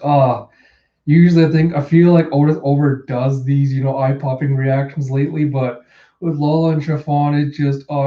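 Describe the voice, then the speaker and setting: A man's voice: medium pitch, mellow. A young man casually reacting to and reviewing a comic chapter, chatty, laughing, and acting out the characters as he reads. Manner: chatty, laughing, acts out voices. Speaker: manga reviewer. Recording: echoey room, dull lo-fi.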